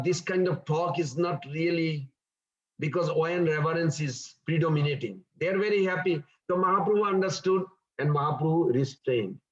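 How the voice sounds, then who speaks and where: A man's voice: fairly high pitch, a bit bright, muffled recording. A man giving a scripture class in an earnest, explanatory storytelling manner. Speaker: scripture teacher.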